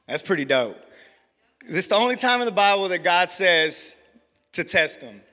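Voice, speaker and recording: A young man tells his faith story to a congregation in a casual, slangy way. His voice is bright and pushed forward, a little higher than most men's. It rings out with the long reverb of a church hall. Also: big pitch swings, normal speed, long pauses. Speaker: church member giving testimony. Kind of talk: testimony to a congregation.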